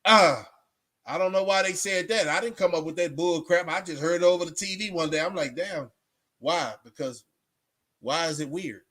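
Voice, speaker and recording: A man from Texas with a fairly high-pitched voice talks straight to his viewers on a livestream. He rambles in a loose, unscripted way, leaning on streetwise slang, fillers and restarts. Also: fairly quick, fairly bright tone. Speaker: livestream host. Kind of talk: casual rambling monologue to viewers.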